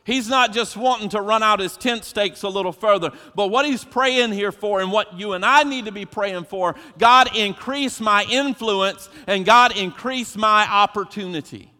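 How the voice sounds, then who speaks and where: A man's voice: high voice, moderate pace, few pauses, pushed and bright. A man preaching a sermon as pastor, emphatic and preacherly, putting questions to his congregation. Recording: long hall reverb.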